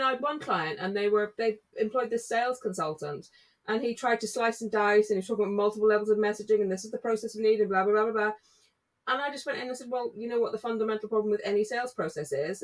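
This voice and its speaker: A woman's voice: mid-range voice, recorded from a distance, poor audio. A woman, a marketing consultant in a casual podcast conversation, telling stories and acting out the dialogue. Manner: brisk storyteller, acts out dialogue.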